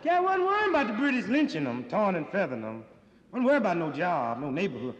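A man's voice: high voice, wildly swooping pitch, fast, slight background noise. A man doing a streetwise, sardonic stand-up routine that swells into emphatic outbursts, on an old live recording. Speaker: stand-up comedian. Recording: old live recording in a reverberant hall, dull sound.

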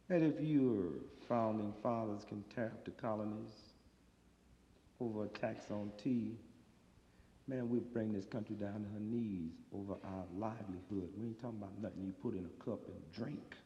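A man's voice: mid-range voice, slight background noise. A man doing a streetwise, sardonic stand-up routine that swells into emphatic outbursts, on an old live recording. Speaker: stand-up comedian. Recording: old live recording in a reverberant hall, dull sound.

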